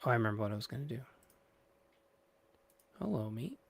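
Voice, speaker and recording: Gravelly man rambling before a stream. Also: mid-range voice, big pitch swings, a little fast, a little hiss or hum. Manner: scattered and playful, drifting off mid-sentence. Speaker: podcast host. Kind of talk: rambling livestream pre-show chat.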